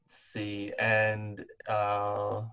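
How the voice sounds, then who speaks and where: A man's voice: on the low side, completely flat delivery, extremely slow, pushed and bright, clean tone, muffled recording. A man running an online tabletop game as game master, talking in a rambling way full of fillers and restarts. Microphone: online voice call.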